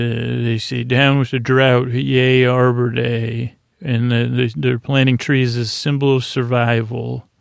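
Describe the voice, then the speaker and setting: Rambling man with a gravelly voice. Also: mid-range voice, no room sound. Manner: rambling, hesitant, many fillers and restarts; paraphrases characters' lines in his own plain voice. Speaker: podcast host recapping an episode. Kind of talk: casual rambling recap.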